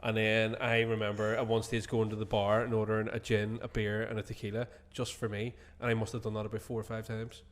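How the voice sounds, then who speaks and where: A man's voice: lowish voice, completely flat delivery, fairly quick, few pauses. A man hosting a podcast, telling drinking stories in casual chat, swearing often and laughing through them. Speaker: podcast host.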